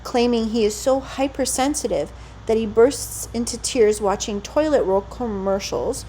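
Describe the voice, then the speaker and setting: Female documentary narrator: mellow, measured, clinical read. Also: on the high side, slight background noise, poor audio.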